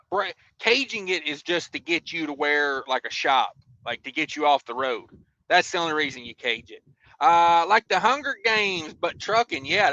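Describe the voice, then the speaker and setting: A man with a high, bright voice hosts a trucking livestream and chats loosely through viewer comments. He rambles into stories and laughs while he tells them. The recording is dry and a little dull. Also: no echo. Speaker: trucker show host. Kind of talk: casual livestream chat reading comments.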